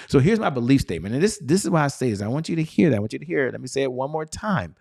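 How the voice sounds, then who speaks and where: A man hosting a motivational sales show, energetic and excited, repeating phrases and slowly chanting a belief statement for listeners to echo. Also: medium pitch, gravelly, breathy edge. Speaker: host.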